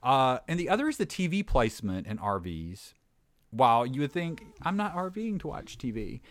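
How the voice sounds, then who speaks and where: A man's voice: medium pitch, very animated, normal speed. A man with a Southern American accent chatting casually, rambling through stories with lots of "like" and filler words. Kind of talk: casual chat.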